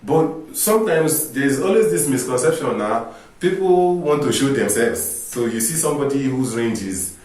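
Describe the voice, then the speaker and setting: A man gives an informal singing lesson, explaining step by step and asking rhetorical questions. His voice sits at a middle pitch for a man. He is recorded from a distance in a strongly echoing room. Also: expressive, normal speed, a little mellow. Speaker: vocal coach. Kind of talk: informal teaching talk to camera. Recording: echoey room, distant mic.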